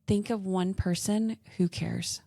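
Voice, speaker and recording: A woman's voice: medium pitch, fairly even intonation, takes it slowly, gravelly, warm tone, dry recording, clean studio sound. A woman with a Southern American accent hosting a faith-based podcast, speaking in an earnest, encouraging way. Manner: earnest, encouraging, giggly in bloopers. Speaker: podcast host. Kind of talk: casual podcast chat with faith reflection.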